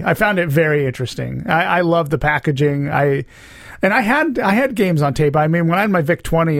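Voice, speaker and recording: A man's voice: a little high, no echo, clean studio sound. A man from the United States co-hosting a podcast, chatting in a casual, thoughtful, reminiscing way. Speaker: podcast co-host. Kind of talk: casual chat.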